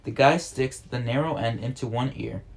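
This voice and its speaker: Guy reading a kids' novel out loud, mid pitch, trips on words and fixes them. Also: moderate pace, creaky, a little hiss or hum. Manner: steady reading with frequent slips and self-corrections. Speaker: reader.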